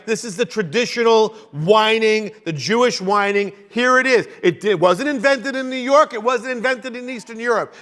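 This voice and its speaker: A man teaching a verse-by-verse sermon, animated, with jokey asides. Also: high voice. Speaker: Bible teacher.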